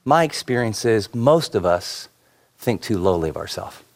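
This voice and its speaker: A man's voice: on the low side, very animated, moderate pace. Man preaching in a conversational way. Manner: conversational preaching with repeated phrases. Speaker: pastor. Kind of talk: sermon.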